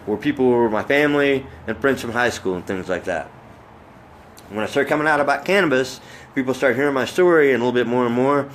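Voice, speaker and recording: A man's voice: medium pitch, a little fast, a little hiss or hum. A man from Oklahoma giving a personal video update, talking earnestly and a bit preachy, rambling with fillers and restarts. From Oklahoma, United States. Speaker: vlogger.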